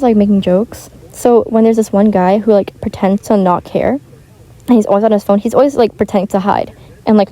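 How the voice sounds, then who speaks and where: A teenage girl who makes gaming vlogs chats casually and rambles, filling her speech with "like" and frequent restarts. Her mid-range voice is mellow, captured in a low-quality recording on a home microphone that isn't high-end.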